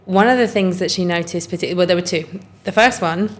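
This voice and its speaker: A woman's voice: lowish voice, fairly quick. Chatty woman podcast co-host. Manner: chatty, animated storyteller, self-mocking. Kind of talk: casual chat.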